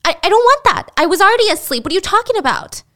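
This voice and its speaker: A woman voicing a frightened, upset young woman in a shrill, panicked protest. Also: big pitch swings, racing, sharp tone, full character voice.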